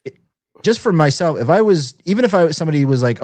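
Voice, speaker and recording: A man's voice: a little high, animated, quick pace, a little mellow, dry recording. A man co-hosting a live stream, trading mocking, profane banter. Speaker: stream co-host. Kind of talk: casual crude banter.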